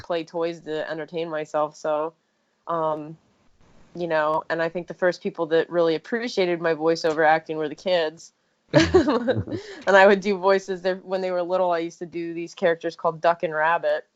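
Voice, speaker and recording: A woman's voice: on the low side, fairly even intonation, moderate pace. A woman artist guesting on a podcast, chatting casually and painting while she talks. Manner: chatty, laughs often, painting while talking. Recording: dull, muffled sound.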